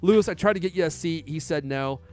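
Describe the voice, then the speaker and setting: A man's voice: fairly high pitch, fast, a little mellow, soft background music. A man hosting a podcast in a casual, joking, chatty way. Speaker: podcast host.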